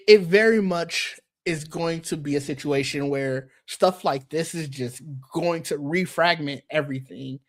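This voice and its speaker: A man co-hosting a tech podcast, chatting casually and rambling, with frequent restarts and easy laughter. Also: fairly high pitch. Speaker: podcast co-host.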